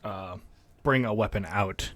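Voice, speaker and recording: A man playing a tabletop game, talking quickly and casually and checking the rules aloud. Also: fairly low pitch, a bit bright. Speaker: player.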